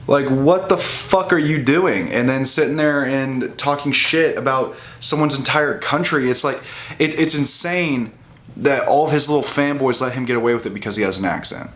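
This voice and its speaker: A young bodybuilding vlogger rants to camera with heat and profanity, mocking those he disagrees with in a casual commentary style. His voice is middle-pitched and a bit bright at a moderate pace, and he stumbles and restarts while building his argument.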